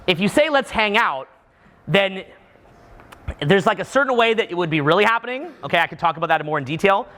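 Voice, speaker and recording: Animated, high, bright-voiced Canadian man. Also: brisk. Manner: animated, acts out what people say, frequent restarts. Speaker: seminar speaker. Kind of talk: live seminar talk to an audience.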